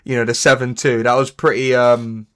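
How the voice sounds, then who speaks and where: A young man, co-hosting a podcast, chatting about football in a sweary, animated way. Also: medium pitch, normal speed, smooth. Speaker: podcast co-host. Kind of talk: casual chat.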